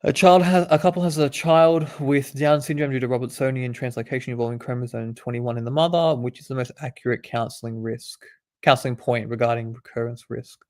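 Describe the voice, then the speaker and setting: A man's voice: mid-range voice, steady tone, a little fast, darkish tone. A young man, a medical student, reading quiz questions aloud and explaining the answers in a laid-back, casual way. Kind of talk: casual quiz study session.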